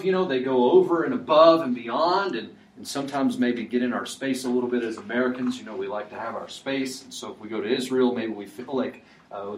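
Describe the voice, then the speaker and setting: A man preaching a sermon in a conversational way, often restarting his sentences with filler words. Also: mid-range voice. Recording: echoey room, mic at a distance.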